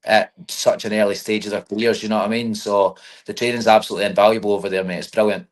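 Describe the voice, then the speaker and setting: Fast-talking young Scottish man, low voice. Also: level tone. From Scotland. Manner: chatty, says mate and you know what I mean often. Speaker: MMA fighter. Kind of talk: casual interview.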